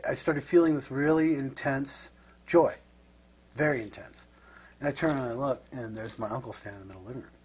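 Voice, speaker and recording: A man's voice: medium pitch, husky. A middle-aged man from Nebraska telling stories as an interview guest, rambling and reflective, often tagging his sentences with a question. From Nebraska, USA. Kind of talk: casual storytelling.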